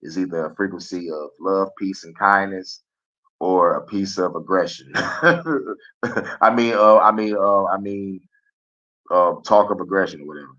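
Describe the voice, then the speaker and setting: A man's voice: sits low, unhurried, long pauses, fairly bright tone. A man hosting a live stream, rambling in a casual, profane monologue and laughing often. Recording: dull lo-fi stream audio.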